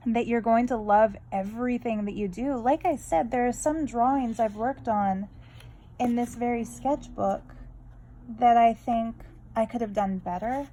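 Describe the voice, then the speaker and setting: Chatty woman, mellow voice. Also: a little high, low-quality recording. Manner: rambling, chatty, candid, full of tangents. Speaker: art vlogger. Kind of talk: casual draw-along chat.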